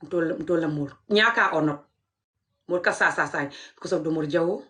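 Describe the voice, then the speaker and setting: A woman's voice: sits low, brisk, pushed and bright. A woman talking straight to her viewers in an impassioned commentary vlog. She mixes English with her local language, repeats phrases and keeps urging people to share. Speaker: video commentator.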